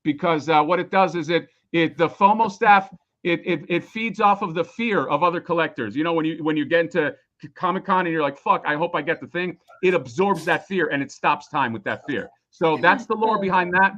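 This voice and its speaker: On a lo-fi live stream, a man presenting a crowdfunding campaign for his toy design talks briskly with few pauses. His pitch is fairly high and his tone fairly bright, though his voice is going hoarse. He rambles in a casual way, cursing often as he describes the toy.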